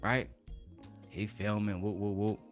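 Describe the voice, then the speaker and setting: A man telling a rough personal story in a casual, profane rant, animated and full of streetwise slang. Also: on the low side, measured pace, soft background music.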